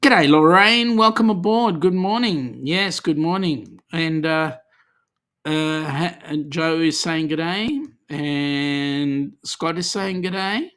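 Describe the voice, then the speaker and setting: A man's voice: fairly high pitch, takes it slowly, fairly bright tone, smooth. Man, Australian accent, livestream host, reads chat comments, casual, chatty, filler words. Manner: chatty and easygoing, with many ums and slang.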